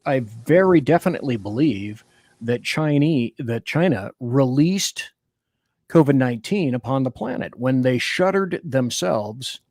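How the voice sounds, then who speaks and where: A man hosting a talk radio interview, animated and rambling, often cutting himself off and restarting. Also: mid-range voice, dry recording, clean studio sound. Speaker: radio show host.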